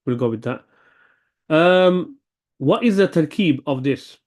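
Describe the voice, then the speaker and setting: Man, Arabic teacher, slightly high voice, thinks aloud, frequent "okay?". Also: expressive, takes it slowly, darkish tone. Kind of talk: online language lesson.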